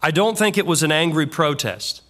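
Man, pastor, sermon, earnest, conversational, slightly high voice. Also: lively intonation, normal speed, bright, forceful tone. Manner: earnest, conversational preaching with vivid acted-out examples. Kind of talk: expository sermon.

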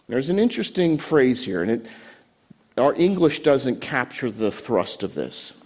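A man preaching a sermon from a church stage, animated, with dramatic pauses and quiet emotional drops. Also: a little high. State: choked up. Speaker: pastor.

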